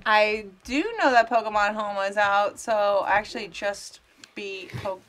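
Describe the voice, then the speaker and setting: A woman hosting a casual livestream from her bed. She switches from loud, high baby-talk with her dog to low, relaxed chat. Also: unhurried. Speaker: streamer host. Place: bedroom, indoors. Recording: noisy home stream audio.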